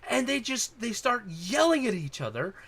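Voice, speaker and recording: Male podcast host, casual and excitable, cursing freely, bright edge to the voice. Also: very high voice, normal speed, a little hiss or hum. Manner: excited, profane, loud when acting out scenes. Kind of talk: casual chat.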